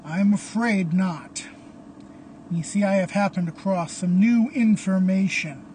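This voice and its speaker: A man voicing a solemn phantom figure who speaks formally and gravely. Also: high-pitched, measured pace, a little mellow, slight background noise. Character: solemn ghostly male phantom mentor.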